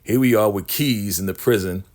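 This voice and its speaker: A man's voice: on the low side, normal speed, darkish tone. A man casually recapping a TV episode, telling the story with street slang and acting out the characters. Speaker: TV recap vlogger.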